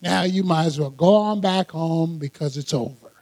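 A man putting on a sneering low devil. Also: normal speed, darkish tone. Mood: taunting. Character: taunting male devil whispering doubts. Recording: long hall reverb.

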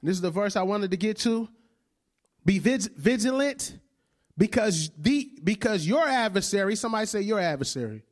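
A man's voice: high-pitched, lively intonation, normal speed. A male preacher in his thirties giving a conversational sermon, often checking in with "right?" and laughing along with the congregation.

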